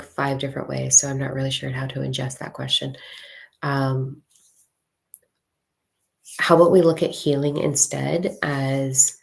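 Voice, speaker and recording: A woman coaching a live audience in a very low voice with a gravelly edge. She speaks frankly and casually, with the odd swear word, and she draws out her words when reading a mantra. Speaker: spiritual coach. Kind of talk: casual livestream talk.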